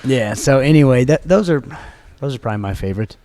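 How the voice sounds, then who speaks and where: A man's voice: mid-range voice, expressive, fast, darkish tone. A man hosting a casual podcast chat, joking and laughing often. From United States. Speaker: podcast host.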